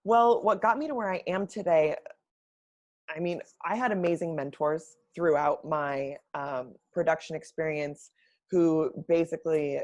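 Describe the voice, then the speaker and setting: A woman who works as a brand strategist, answering interview questions in a measured, explanatory way. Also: deep voice, a little mellow, dull audio. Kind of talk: casual live-stream interview.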